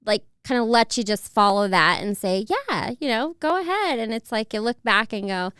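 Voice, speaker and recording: In a casual interview, a young family photographer talks affectionately about children and laughs a lot. She speaks at medium pitch and a moderate pace, with a clean, slightly bright tone. There's no room sound in the clean studio recording.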